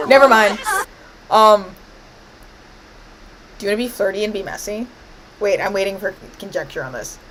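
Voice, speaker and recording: A woman's voice: medium pitch, big pitch swings, slow pace, long pauses, fairly bright tone, rough recording. A woman streaming a life-sim game, commenting playfully and bossing her characters around. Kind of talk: live gameplay commentary.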